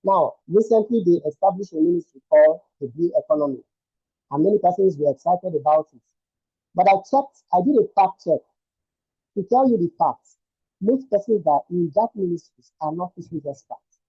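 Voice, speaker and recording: A man's voice: high-pitched, lively intonation, normal speed, husky, no room sound, dull audio. A man, a senior lecturer and researcher, speaking emphatically on an online panel and driving his points home with repeated rhetorical questions. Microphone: video call.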